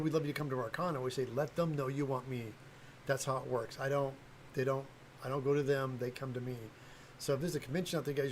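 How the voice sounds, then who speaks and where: A man's voice: medium pitch, slight background noise, rough recording. Blunt, rambling older man. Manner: blunt, rambling, frequent fillers and restarts. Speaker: livestream host, cosplay prop maker. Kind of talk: casual livestream chat.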